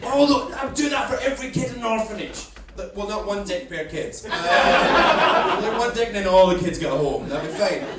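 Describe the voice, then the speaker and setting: High-voiced brash stand-up comedian. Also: male voice, very animated, normal speed, very noisy. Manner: brash, cheeky, crowd-teasing. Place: comedy club stage. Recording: echoey club from a distance, loud audience laughter.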